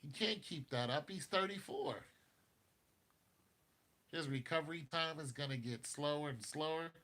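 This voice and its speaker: A man hosting a casual basketball talk show, animated, laughing often and talking straight to his viewers. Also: on the high side, moderate pace. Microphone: streaming mic.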